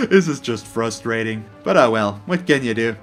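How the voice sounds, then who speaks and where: A gaming channel host commentates his own let's play, openly salty and frustrated and sighing often. His voice is medium-pitched with a creaky quality.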